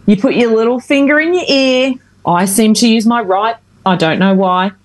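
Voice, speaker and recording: A woman's voice: fairly high pitch, moderate pace. A woman co-hosting a radio show, telling a long, chatty story in casual talk. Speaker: radio co-host.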